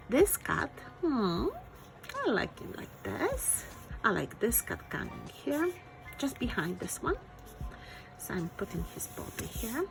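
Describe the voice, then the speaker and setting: Woman art teacher, gravelly, lively pitch, faint music behind. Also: poor audio. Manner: encouraging, thinking aloud while drawing. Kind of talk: step-by-step drawing lesson.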